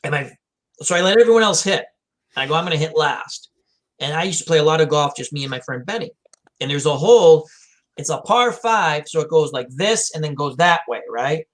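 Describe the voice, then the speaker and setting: A man's voice: fairly high pitch, a bit bright. A man hosting a casual chat, rambling through self-deprecating stories. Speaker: host. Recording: faint background noise.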